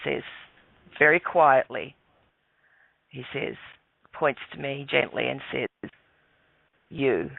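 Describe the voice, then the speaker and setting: A man, a guest calmly telling a personal story, repeating words as he goes. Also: medium pitch, slow pace, gravelly, pauses often, dry recording. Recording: phone line, dry.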